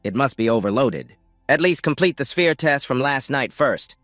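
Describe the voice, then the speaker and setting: A man's voice: medium pitch, expressive, moderate pace, a bit bright, no echo, clean studio sound, soft background music, voice pushed up, close to an everyday voice. A man doing a formal praising magic professor. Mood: puzzled. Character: impressed middle-aged male magic professor.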